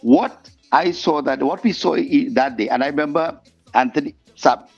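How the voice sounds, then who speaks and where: A man with a gravelly, creaky voice tells stories as a podcast guest. He acts out the voices of the people in each scene. The audio sounds dull and muffled, with faint music underneath. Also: a little high, moderate pace. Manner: animated storyteller, acts out quoted voices. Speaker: guest singer. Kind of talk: storytelling interview chat.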